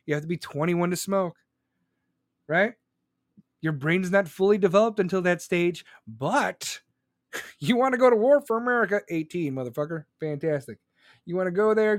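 A man's voice: sits high, no room sound, clean studio sound. A man ranting angrily and sarcastically about politics in a profane, live-stream commentary style.

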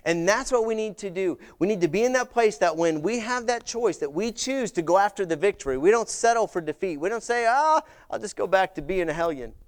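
A middle-aged man preaching a sermon, telling stories in an animated way and acting out the voices of people he quotes. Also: high-pitched, fairly quick, hardly any pauses, smooth. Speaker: visiting pastor.

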